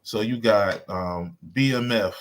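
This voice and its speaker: A man co-hosting a casual panel chat, retelling events with lively, animated storytelling. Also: lowish voice, measured pace. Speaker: panel co-host.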